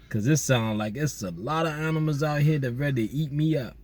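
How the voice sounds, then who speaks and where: Laid-back slangy man doing shout-outs. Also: medium pitch, unhurried, long pauses. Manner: relaxed slangy banter with listeners. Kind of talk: casual chat. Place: outdoors at night.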